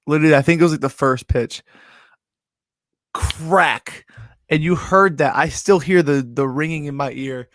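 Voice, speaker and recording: A man's voice: medium pitch, no echo. Rambling young guy, dry sound. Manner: rambling, animated storyteller full of "like". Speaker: sports betting show host. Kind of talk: casual storytelling recap.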